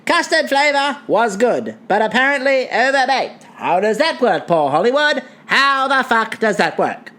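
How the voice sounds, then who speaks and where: A woman's voice: on the high side, sing-song, moderate pace, hardly any pauses, fairly bright tone. Woman doing a 1920s radio announcer. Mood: sardonic. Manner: grand proclamations, sarcastic asides. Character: hammy 1920s radio announcer delivering verdicts.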